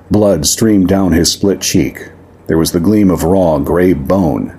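A man narrating a short story in a measured, dramatic reading. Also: low-pitched, darkish tone, breathy edge. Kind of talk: audiobook fiction reading.

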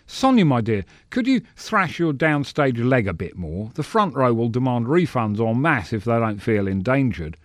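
A man's voice: medium pitch, very animated, normal speed, hardly any pauses, dry recording, close to an everyday voice. A man voicing a smug, suave older theatre director giving notes with dry irony, in a storybook reading.

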